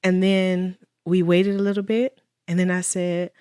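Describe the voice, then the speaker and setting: A woman's voice: fairly low pitch, little pitch movement, a little slow, mellow, smooth, no room sound, studio quality. A woman guest in an interview telling a personal story with earnest faith and quoted dialogue. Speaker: guest, widow.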